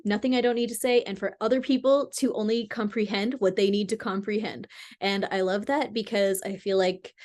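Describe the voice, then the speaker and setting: A woman talking casually to camera as a spiritual vlogger, chatty and loose with many fillers and restarts. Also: a little high.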